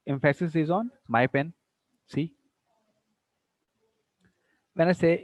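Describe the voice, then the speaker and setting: Teacher, slightly high voice, dry close mic, keeps asking if students follow. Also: male voice, moderate pace, pauses often, darkish tone, no echo, rough recording. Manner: repeats example sentences with stress, checks students often. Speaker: English teacher. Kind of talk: online class lecture.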